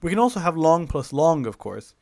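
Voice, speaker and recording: A man teaching a recorded online lesson, explaining step by step with many fillers and self-corrections and slowing down for drawn-out example words. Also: on the high side, sing-song, darkish tone, no room sound, clean studio sound.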